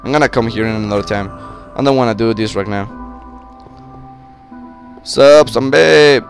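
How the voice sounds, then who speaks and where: A man casually commentating his game, excitable and swearing, yelling at monsters, slightly sick with a cracking voice. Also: lowish voice, quick pace, soft background music. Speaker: gaming channel host. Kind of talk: casual Minecraft let's-play commentary.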